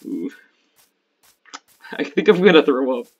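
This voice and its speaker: A man's voice: on the high side, sing-song, unhurried, creaky, husky, muffled recording. A man chatting casually with a friend while gaming, telling crude joking stories. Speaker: gamer playing with a friend.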